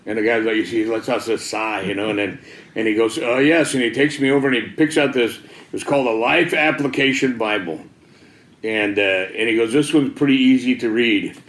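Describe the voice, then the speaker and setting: A man's voice: lowish voice, fairly even intonation, brisk, fairly bright tone, reverberant. A middle-aged man giving a personal testimony in a folksy, casual way, often saying "man" and "you know". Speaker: testimony speaker.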